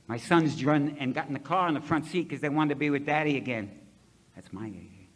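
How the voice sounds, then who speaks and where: A middle-aged man from Ohio, USA, speaks at a recovery convention in a voice on the high side, at a fairly quick pace. He tells his recovery story to the audience in a folksy, blunt style, voicing the dialogue himself.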